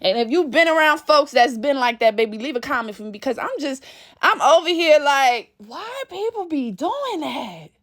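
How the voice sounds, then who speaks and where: A woman's voice: high-pitched, sing-song, moderate pace, a bit bright. A woman vlogger ranting to camera in a blunt, profane, exasperated way. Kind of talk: casual rant to camera.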